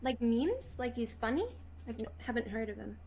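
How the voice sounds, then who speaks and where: Rambling young woman, fairly high voice. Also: big pitch swings, normal speed, a little mellow. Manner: rambling, gushing, puts on a pleading baby voice at times. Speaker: stream guest. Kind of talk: casual stream chat.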